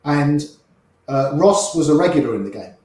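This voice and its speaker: Echoey older man spinning poker stories. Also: on the high side. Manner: animated raconteur, quotes people in quick little voices. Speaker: poker player guest. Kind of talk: anecdotal storytelling. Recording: very echoey room.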